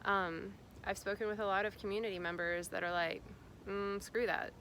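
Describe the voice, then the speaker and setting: A woman's voice: medium pitch, fairly even intonation, brisk, pushed and bright, a little hiss or hum. A woman from Indiana, a spiritual guide, talking casually and rambling with many fillers and restarts. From Indiana, USA. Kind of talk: casual spiritual vlog talk.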